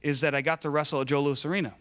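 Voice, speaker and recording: A man in his thirties from Michigan, a guest speaker telling stories to a live audience in an animated, joking way. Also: a little high, rapid-fire, clear, resonant tone. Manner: animated and joking, acting out dialogue. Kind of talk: storytelling talk to a live audience.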